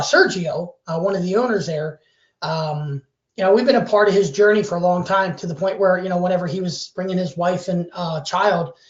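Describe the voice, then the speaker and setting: A man's voice: very high voice, fairly bright tone. A man hosting a live sales webinar, upbeat and pushy, often tacking on "okay?" and restarting his sentences. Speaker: webinar host. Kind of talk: energetic sales webinar pitch. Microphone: webcam. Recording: echoey room, dull audio.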